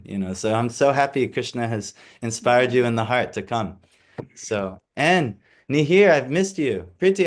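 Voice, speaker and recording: A man reads scripture aloud to a small class in a measured voice. He drifts into relaxed asides full of fillers. He sounds hesitant over Sanskrit recitation. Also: medium pitch. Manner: reads steadily, then slips into casual asides with fillers. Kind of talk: reading scripture aloud and explaining it.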